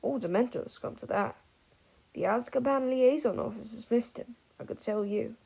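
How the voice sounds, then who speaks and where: A woman's voice: fairly high pitch, moderate pace, gravelly, slightly rough, rough recording. A woman voicing a drunk old wizard who slurs and rambles. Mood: tipsy rambling. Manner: slurred, blustering, gets loud.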